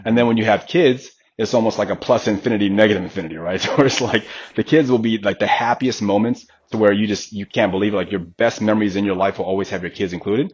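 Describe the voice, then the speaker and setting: A man's voice: on the low side, fast talker, few pauses, dull audio, a little hiss or hum. A man in his thirties, a fitness coach, talking in a casual podcast conversation and acting out the voices of the people he quotes. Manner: animated storyteller, acts out quoted voices.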